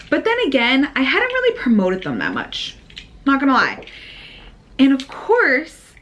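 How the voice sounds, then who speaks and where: A young woman chatting casually to camera about her small business, animated and full of fillers. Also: a little high. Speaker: vlogger and small business owner.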